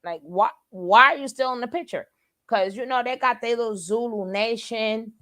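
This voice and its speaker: A woman's voice: fairly high pitch, moderate pace, fairly bright tone. A woman hosting a casual reaction commentary, chatty and scoffing, full of rhetorical questions. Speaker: commentary channel host.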